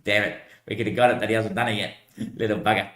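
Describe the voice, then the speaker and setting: A man's voice: lowish voice, fairly even intonation, fast, fairly bright tone, roomy sound. A man rambling to himself, answering his own remarks and swearing freely.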